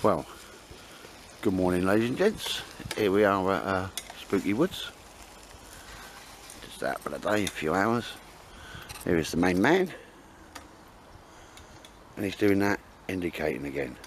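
A man's voice: sits low, animated, unhurried, long pauses. A middle-aged man records a casual vlog outdoors in the woods on a handheld camera. He rambles from story to story and laughs at his own tangents. A faint outdoor hiss sits under his voice. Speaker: vlogger.

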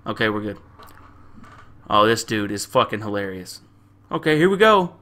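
A young man playing a game and commentating, loud and crude, trash-talking the characters in slang and often repeating himself. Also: fairly low pitch, big pitch swings, normal speed, long pauses. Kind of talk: profane casual gameplay commentary.

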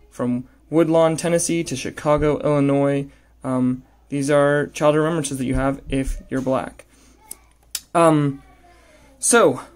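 Man teaching a poem, fairly high-voiced. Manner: hesitant, many fillers and restarts, talking while writing. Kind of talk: annotated poem lesson.

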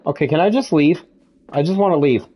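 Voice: mid-range voice, brisk, dark tone, breathy edge. A streamer playing a horror game live, panicking, swearing nonstop and yelping between nervous laughs.

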